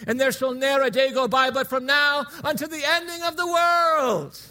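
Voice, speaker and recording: A man's voice: very high-pitched, moderate pace, voice pushed up. A man declaiming as a rousing warrior king. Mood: stirring. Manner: declamatory, building to shouts. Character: rousing warrior king, English, addressing troops. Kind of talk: theatrical Shakespeare recitation.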